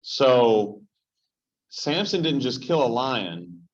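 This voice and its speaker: A man teaching a Bible study as pastor, joking and animated as he tells stories and puts questions straight to the small group in front of him. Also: mid-range voice, very slow. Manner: joking, animated storyteller who addresses the group directly. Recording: dull, lo-fi sound.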